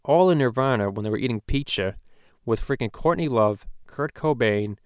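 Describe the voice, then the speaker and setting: A man's voice: mid-range voice, expressive, normal speed, clear, resonant tone, no room sound, lightly acted. Man doing a rambling, foul-mouthed cartoon dad for a parody podcast, mid-range voice, dry close sound. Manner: rambling, profane, loose storytelling. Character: crude rambling middle-aged cartoon dad. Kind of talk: casual podcast chat.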